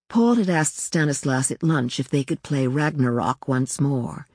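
Woman narrator, measured literary reading, low pitch, dry studio. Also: lively intonation, a little mellow, husky, no room sound. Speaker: audiobook narrator.

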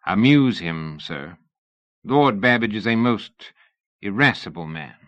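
A man voicing a pompous, sullen middle-aged gentleman who speaks huffily, in an audiobook reading. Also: lowish voice, animated, takes it slowly, no room sound, highs cut off. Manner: pompous, huffy.

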